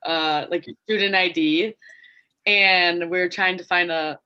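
Casting: young woman from Minnesota, bright voice, chatty guest who laughs often. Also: fairly low pitch, fairly even intonation, unhurried, lo-fi sound. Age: young adult. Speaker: guest hockey player. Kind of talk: casual podcast interview.

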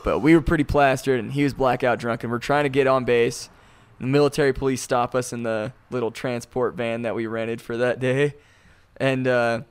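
A man's voice: mid-range voice, smooth. A man in his thirties telling a rowdy story in a casual chat among friends. He laughs often and acts out the people he quotes. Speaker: podcast co-host telling a story.

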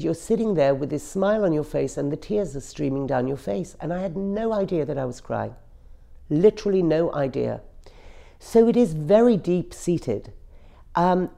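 A woman's voice: sits low, gravelly, warm tone. A middle-aged woman speaking earnestly as an interview guest, stressing her words and sometimes restarting. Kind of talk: emotional personal interview.

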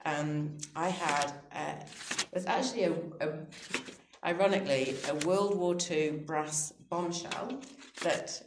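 Interview guest: a woman in her thirties with a low voice, telling reflective personal stories, quick to laugh at herself, recorded in a roomy, echoey space. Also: noisy background. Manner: thoughtful, soft-spoken, laughs readily at her own stories. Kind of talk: reflective personal storytelling on faith.

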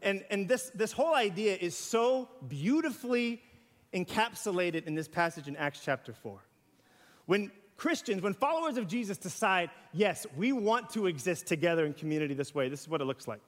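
A man with a notably high voice delivers a sermon in a relaxed, conversational way. He asks the congregation questions and acts out everyday examples. The sound carries a long hall reverb. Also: moderate pace. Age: young adult to middle-aged. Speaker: pastor. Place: church sanctuary.

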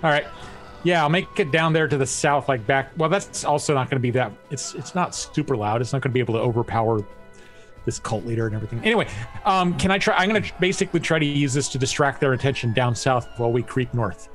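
A man's voice: mid-range voice, animated, quick pace, soft background music. Casual male tabletop player.

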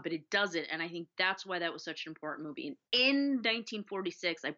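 A woman's voice: fairly low pitch, fast, hardly any pauses, sharp tone. A woman co-hosting a casual film podcast, enthusiastic and acting out scenes as she talks. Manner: enthusiastic, acts out movie lines. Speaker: podcast co-host. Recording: dull lo-fi audio.

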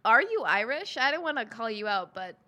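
Bright teasing woman host. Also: fairly high pitch, very animated, brisk. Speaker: podcast host. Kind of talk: casual comedy podcast chat.

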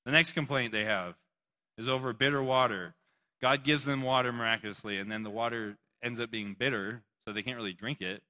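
A young male pastor giving an animated, joking sermon and calling on listeners by name. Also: medium pitch, brisk. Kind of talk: youth sermon.

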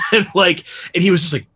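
A man's voice: high-pitched, moderate pace, bright, forceful tone, slightly rough. A young man telling a casual, rambling story on a podcast, swearing freely and padding his sentences with "like.". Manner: rambling, profane, full of "like" fillers.

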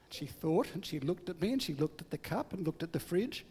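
A man's voice: on the high side, expressive, fairly quick, darkish tone, slightly rough, in a large hall. Older man preaching with humor. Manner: humorous, self-deprecating storytelling. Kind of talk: sermon.

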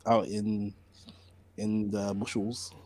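A man's voice: fairly low pitch, little pitch movement, slow pace, mellow, a little hiss or hum. A man, co-hosting a casual podcast chat in a joking, light way. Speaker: podcast co-host.

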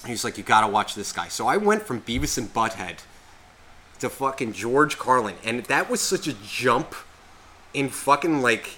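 A man in his thirties tells a story on a podcast in an unscripted, rambling way, peppering it with swearing and endless "like"s. His voice is bright and forward, sitting at an ordinary pitch for a man. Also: big pitch swings, a little slow. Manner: rambling, heavy profanity, constant "like" fillers. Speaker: podcast co-host. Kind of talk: casual storytelling chat.

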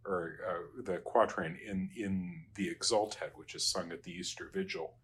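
A man working through Latin translation exercises as a teacher, halting and trailing off quietly. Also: low voice, big pitch swings, creaky, breathy edge. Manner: halting, many fillers and restarts, trails off quietly.

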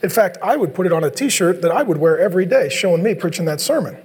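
A man preaching a sermon as a pastor, animated and joking, acting out biblical dialogue in playful voices. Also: high-pitched, fast talker, husky. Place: large church hall. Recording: long hall reverb.

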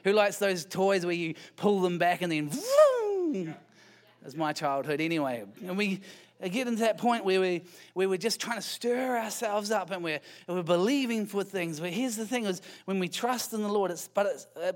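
A pastor with a high, very animated voice preaches at normal speed, speaking conversationally. He fires rhetorical questions at the congregation and slips in light self-deprecating humor.

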